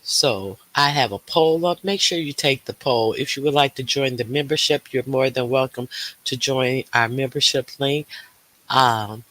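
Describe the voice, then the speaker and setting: Slow-talking man hosting a livestream. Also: mid-range voice, pushed and bright. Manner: greets viewers by name, chatty with many fillers. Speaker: livestream host. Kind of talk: casual livestream chat.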